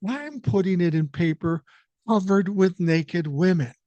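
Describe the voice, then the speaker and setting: A man's voice: sits high, lively intonation, a little slow, dark tone, dry recording, highs cut off, pitched above the performer's own voice. A man voicing a brash young male college hockey player who hustles, cocky, salesy and profane.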